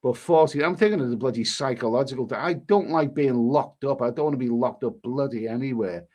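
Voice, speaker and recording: His voice is mid-range with a darkish tone, and he talks fairly quickly. As a travel vlogger on a live stream, he reads out the chat, rambling, repeating himself, swearing a bit and sounding exasperated.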